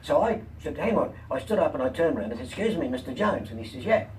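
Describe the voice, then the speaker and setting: An older man, a comedian and talk-show guest, telling lively anecdotes and voicing the people in them. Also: fairly high pitch, fast. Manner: lively, quotes people in animated voices. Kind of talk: anecdotal storytelling. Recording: distant mic, faint room noise.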